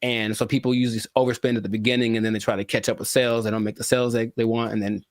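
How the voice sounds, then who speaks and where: A male podcast co-host who chats in a joking, rambling way and keeps slipping into animated asides. His voice sits at an ordinary pitch. It is recorded close and dry, with no room sound. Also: racing, no echo. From California. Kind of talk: casual podcast chat.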